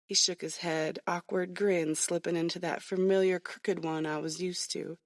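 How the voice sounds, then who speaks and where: A woman narrating her own romance novel in the first person, soft and playful. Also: on the low side, steady tone, normal speed, hardly any pauses, dry recording, studio quality. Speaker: audiobook narrator, author.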